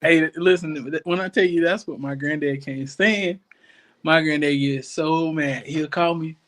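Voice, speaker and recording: A man's voice: on the high side, unhurried, a bit bright. A man, telling hunting stories as a podcast co-host in casual chat and acting out quoted voices. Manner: storytelling, acts out quoted voices.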